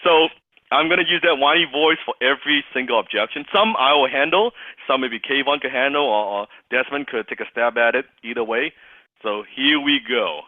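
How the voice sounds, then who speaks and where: A man's voice: medium pitch, fairly quick, no room sound. A man coaching a sales team, emphatic and repeating his key points for the group. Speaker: sales trainer. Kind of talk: interactive sales coaching session. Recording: tinny phone-like call audio.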